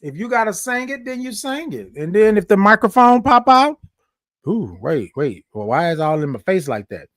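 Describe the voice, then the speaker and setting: A high-pitched man hosts a morning livestream. He talks in an exuberant, chatty way and now and then breaks into sung greetings. He reads viewer comments aloud and encourages the people listening. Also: big pitch swings, moderate pace, fairly bright tone. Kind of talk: casual motivational livestream chat.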